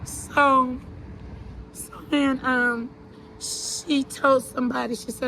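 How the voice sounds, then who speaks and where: A woman telling her own story to an interviewer in an earnest, halting way, repeating herself and restarting her sentences. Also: high voice, little pitch movement, pushed and bright, a little hiss or hum, low-quality recording. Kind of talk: personal account in an interview.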